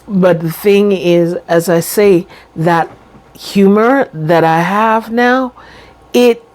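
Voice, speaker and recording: A woman's voice: medium pitch, a little mellow. A middle-aged woman vlogging casually about life after a brain injury, breaking into laughter often. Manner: laughs often while talking, drawn-out pauses. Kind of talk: casual talk to camera.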